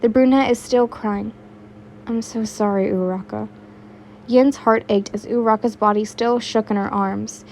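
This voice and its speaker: A woman's voice: on the high side, fairly even intonation, normal speed, few pauses, a little mellow, slight background noise. A young woman reading fan fiction aloud in a casual way, stumbling now and then and adding her own asides. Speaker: fanfiction reader.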